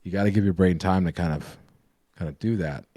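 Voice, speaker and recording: A man's voice: deep voice, brisk, dark tone, dry recording, studio quality. A man co-hosting a live painting stream, explaining drawing in a rambling, self-correcting way. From New York. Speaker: co-host, painter and drawing teacher. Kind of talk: casual live-stream chat.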